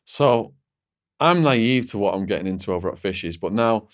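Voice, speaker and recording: A man's voice: lowish voice, animated, normal speed. A man as an interview guest, recounting a personal story vividly, with many "like"s and restarts.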